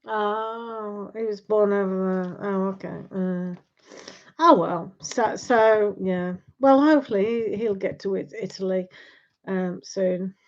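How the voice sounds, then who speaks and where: A woman's voice: mid-range voice, takes it slowly. Chatty woman, lo-fi stream. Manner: chatty, rambling, tag questions. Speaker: tarot livestream host. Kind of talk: casual chat with live viewers. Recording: dull lo-fi livestream audio.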